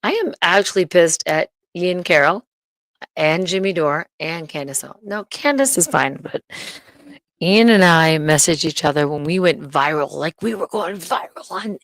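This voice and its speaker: A woman's voice: on the low side, moderate pace, dry recording. A woman hosting her own livestream, ranting in a profane, heated and indignant way. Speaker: livestream host.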